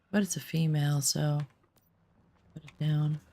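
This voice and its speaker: Gravelly low-voiced woman gaming. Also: a little mellow. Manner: rambling, chatty storytelling. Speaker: gaming streamer. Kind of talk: casual chat while gaming.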